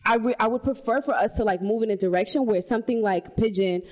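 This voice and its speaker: A woman's voice: a little high, fast. Chatty young woman podcaster. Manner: chatty, lots of fillers and restarts. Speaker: podcast co-host. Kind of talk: casual podcast chat.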